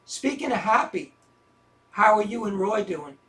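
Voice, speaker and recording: A man's voice: high voice, very animated, unhurried, bright, forceful tone, exaggerated voice. An actor in an audio drama playing a self-deprecating man who talks with dry, wry sarcasm. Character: self-deprecating sarcastic middle-aged man, troubled lover.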